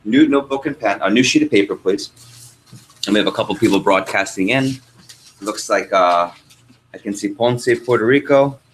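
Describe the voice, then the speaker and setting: A young male trainer speaks to a live room of trainees in a slightly low voice. He tells stories and keeps asking the group questions. A faint hum of room noise sits under him. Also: moderate pace, rough recording. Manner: lively storyteller, asks the room questions. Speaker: sales trainer. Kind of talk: workshop teaching with a story.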